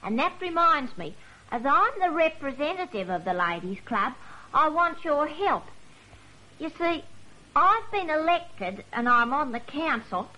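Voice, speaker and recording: A woman's voice: sits high, sing-song, measured pace, bright, forceful tone, full character voice, rough recording. An actress playing a cheerful, ambitious country woman on the council in a vintage radio serial. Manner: eager, naive, chatty.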